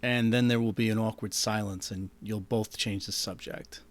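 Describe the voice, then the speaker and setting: A man reads his own short story aloud into a microphone, dry and close. His delivery is deadpan, carrying its dark jokes without any fuss. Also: on the low side, moderate pace, no room sound.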